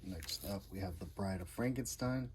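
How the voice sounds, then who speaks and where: A deep-voiced man speaking at a moderate pace gives a casual show-and-tell of his records. His enthusiastic one-liners are short, relaxed and repetitive, and background noise is noticeable.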